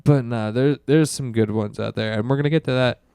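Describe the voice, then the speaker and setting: A man's voice: mid-range voice, brisk, darkish tone, smooth, no echo. A young man co-hosting a podcast, laid-back and casually swearing in loose chat. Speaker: podcast co-host.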